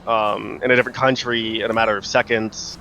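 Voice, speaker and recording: A man's voice: lowish voice, flat delivery, brisk, pushed and bright, slight background noise. A young man hosting a casual podcast, rambling through his points with frequent restarts. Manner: rambling, many fillers and restarts. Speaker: podcast host.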